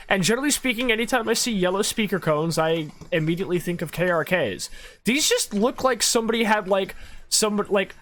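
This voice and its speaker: Animated, swearing woman streamer. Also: mid-range voice, a little fast. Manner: animated, rambling, profane, laughs often. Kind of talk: casual gaming stream chat.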